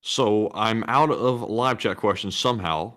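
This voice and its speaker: Male co-host, lower voice, plain reading of viewer questions, casual livestream. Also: unhurried, fairly bright tone. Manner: plain reading pace, hesitant fillers.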